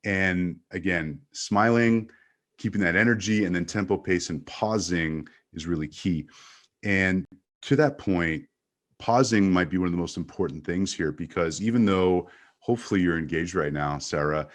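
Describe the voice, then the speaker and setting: Male guest, very low voice, upbeat sales-trainer delivery with deliberate pauses. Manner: energetic, plays with pace and pauses for emphasis. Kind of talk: explaining in an interview.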